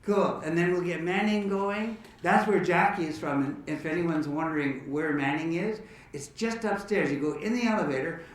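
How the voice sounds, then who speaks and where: A man hosting a musical program, chatting and joking casually with the audience in a parlor. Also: fairly high pitch. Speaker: musical entertainer and host. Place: echoey parlor room. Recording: roomy echo from a distant mic, guitar.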